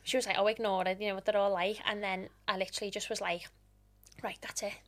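A young woman with a Liverpool accent, a guest telling stories in a chatty, animated way with local slang. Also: mid-range voice, fast. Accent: Liverpool (Scouse). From Liverpool, England. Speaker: interior stylist guest. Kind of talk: casual podcast interview.

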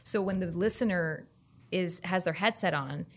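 A woman from South Texas with a South Texas accent, a guest actor chatting on a podcast and telling animated stories between frequent laughs. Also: on the low side, normal speed. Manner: chatty, animated storyteller who laughs often. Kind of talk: casual podcast interview.

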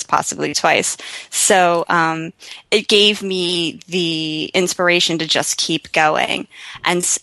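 Bright-voiced woman entrepreneur. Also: fairly low pitch, vocal fry, no echo, low-quality recording. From United States. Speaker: guest entrepreneur. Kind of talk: interview.

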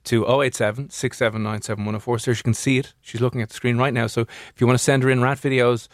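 A man's voice: medium pitch, level tone, fast, dry recording, studio quality. Playful man teasing on radio. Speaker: radio host. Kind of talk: casual radio banter. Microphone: studio microphone.

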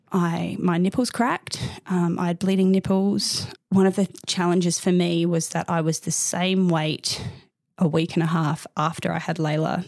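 Interview guest, woman, 30s: heartfelt, rambling storyteller with a gravelly edge, dry sound. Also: lowish voice, darkish tone, dry recording. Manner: open, heartfelt, rambling with restarts. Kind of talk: candid personal storytelling.

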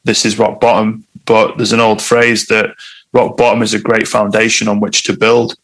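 A man's voice: fairly low pitch, completely flat delivery, moderate pace, a bit bright, low-quality recording. A man, a guest telling a personal story in conversation, candid and reflective.

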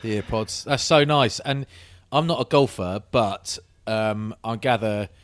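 A man, co-hosting a casual podcast, jokey and animated in banter. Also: fairly low pitch, unhurried. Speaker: podcast co-host. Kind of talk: casual chat.

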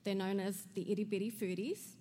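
A woman's voice: medium pitch, steady tone, fairly quick, mellow, a little hiss or hum. A woman, a mother asking the hosts a question from the audience, bashful and giggly. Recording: audience mic in a reverberant hall with faint crowd sound.

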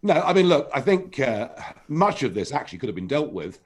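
A political guest is interviewed on talk radio. He talks forcefully and pushes his points with emphatic peaks, and his pitch keeps swinging high and low. The studio sound is clean. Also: very animated, a little fast.

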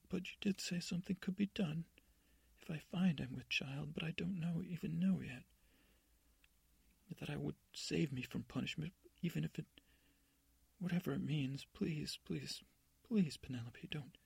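A man voicing a frightened young princess who pleads through tears in a breathy, whispery way. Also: mid-range voice, steady tone, measured pace, long pauses, no echo, exaggerated voice. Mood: tearful pleading.

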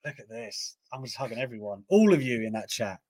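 A young man co-hosting a casual livestream, animated and quick to read out viewer messages. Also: mid-range voice. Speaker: co-host of a wrestling livestream.

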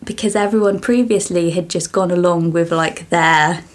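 A woman's voice: lowish voice, normal speed. A young woman co-hosting a podcast, telling rambling stories in casual chat and often giggling. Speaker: podcast co-host.

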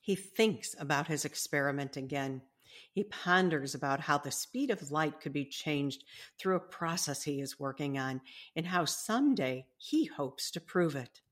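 A woman with a notably low-pitched voice reads aloud from her own book. She talks in a gentle, deliberate, teacherly way, like an author hosting her own podcast. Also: animated.

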